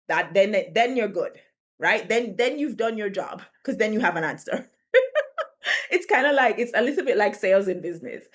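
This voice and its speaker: A woman in her thirties talking casually to camera, chatty and quick to laugh, often repeating words as she rethinks a sentence, with slangy turns of phrase. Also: medium pitch. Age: 30s. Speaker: video creator. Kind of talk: casual direct-to-camera talk.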